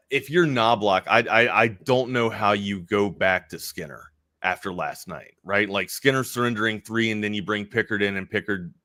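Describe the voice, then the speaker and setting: A man's voice: lowish voice, bright, forceful tone, no echo, clean studio sound. A man co-hosting a sports talk show, chatting casually and rambling, often correcting himself mid-thought. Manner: rambling, self-correcting, quick asides.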